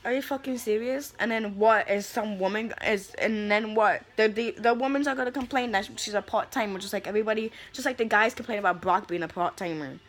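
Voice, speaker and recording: A woman's voice: mid-range voice, brisk, few pauses, fairly bright tone. A young woman delivering a heated, profane rant as a vlogger, sassy and fired up, calling people honey. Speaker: vlogger ranting about wrestling.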